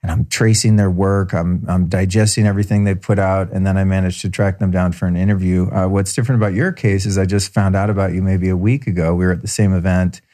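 A man's voice: low voice, steady tone, fast, few pauses, warm tone. A man hosting a podcast, reading an introduction and chatting with his guest in an enthusiastic, effusive way. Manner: enthusiastic, effusive praise with fillers. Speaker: podcast host. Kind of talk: podcast intro and casual interview chat.

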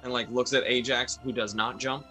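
A man's voice: mid-range voice, level tone, moderate pace, sharp tone, soft background music, low-quality recording. A man playing a tabletop game, describing his character's actions hesitantly with fillers. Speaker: player. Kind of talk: tabletop game narration, casual.

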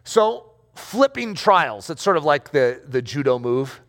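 A middle-aged male pastor preaching a playful sermon, acting out scenes and shouting for effect. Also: on the high side, big pitch swings, a little slow. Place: room with rows of chairs.

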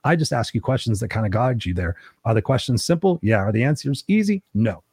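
A brash, fast-talking middle-aged man hosting a podcast, telling stories with lively acted-out quotes and plenty of swearing. His voice sits at an ordinary pitch, and the sound is close and dry, with no room around it. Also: slightly rough, dry recording. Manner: brash storyteller who acts out quotes and swears freely. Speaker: podcast host. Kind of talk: casual interview chat.

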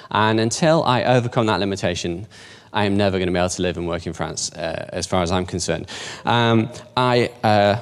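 A man in his fifties giving an informal, conversational talk in a church, self-deprecating and asking the audience questions. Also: on the low side. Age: 50s. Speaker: church speaker.

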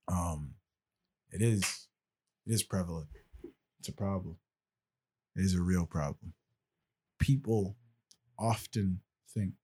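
A man's voice: low voice, mellow, husky. A man hosting a podcast in casual chat, loose, joking and rambling. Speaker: podcast host.

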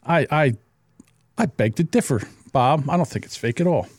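A man's voice: a little high, lively intonation, normal speed, a little mellow, slightly rough, dry recording, clean studio sound. A man co-hosting a podcast in casual banter, laughing often and swearing freely. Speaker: podcast co-host.

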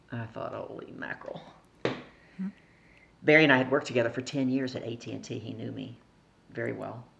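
A woman's voice: very deep voice, gravelly. A middle-aged woman, a podcast guest, telling a story in conversation and acting out the people she quotes.

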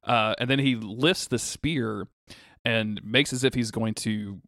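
A man co-hosting a podcast, recapping a show in casual chat, excitable and swearing freely with lots of restarts. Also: fairly low pitch, slow, vocal fry, no room sound, studio quality. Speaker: podcast co-host.

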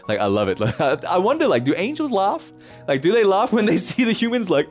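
A man's voice: fairly high pitch, big pitch swings, brisk, faint music behind. A man preaching a sermon as a pastor, telling the story in a casual, playful way.

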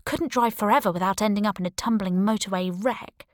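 Female audiobook narrator, mid pitch, dry close sound, lively and wry first-person storytelling. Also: brisk, dry recording.

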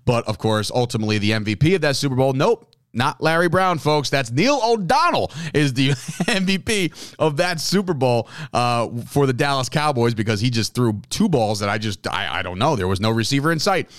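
A man in his thirties hosting a podcast, telling a story in an excitable, rambling way and often correcting himself. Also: medium pitch, fairly quick, hardly any pauses, no echo, clean studio sound. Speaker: podcast host. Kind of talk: casual monologue. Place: lives in New Jersey.

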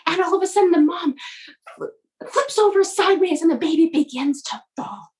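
A woman coach telling a motivational story in an animated way, often repeating her words. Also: very high voice, a little fast, low-quality recording.

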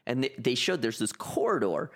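A man's voice: mid-range voice, sing-song, moderate pace, gravelly, fairly bright tone. A man with a Western New York accent, telling a story in casual podcast chat, full of filler words.

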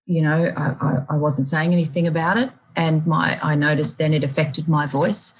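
A woman's voice: low voice, steady tone, moderate pace, breathy edge, low-quality recording. A woman radio host with an Australian accent, talking reflectively in an interview, with many fillers and restarts. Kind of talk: conversational interview.

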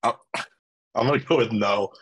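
A man's voice: lowish voice, normal speed, fairly bright tone, slightly rough. A man on a sports panel show, talking casually in a rambling, hesitant way. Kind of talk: casual chat.

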